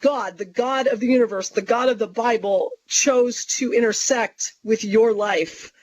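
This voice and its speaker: A woman's voice: fairly high pitch, a little slow. A woman guest on an interview show, telling a story with animation and acting out what she and others said. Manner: animated, quotes herself and others in lively voices. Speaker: guest author. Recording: dull lo-fi recording.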